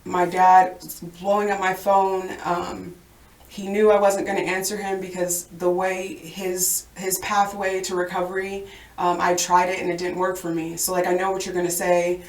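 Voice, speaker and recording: Woman guest, low flat voice, halting storyteller; roomy far-mic sound. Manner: halting, many restarts and ums. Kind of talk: personal recovery story.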